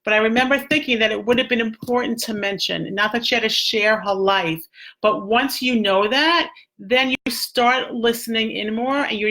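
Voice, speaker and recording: A woman's voice: on the high side, bright, forceful tone. A middle-aged woman, a speech therapist, giving casual advice in a chatty way with many fillers and restarts.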